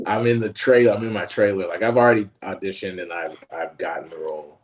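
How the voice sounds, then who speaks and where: A male actor with a very low voice shares stories on a casual panel. He talks in a lively way, acting out quotes and laughing as he goes. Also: fairly quick, a little hiss or hum. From Los Angeles. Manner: animated anecdotes, acts out quotes; frequent fillers, laughs while telling stories.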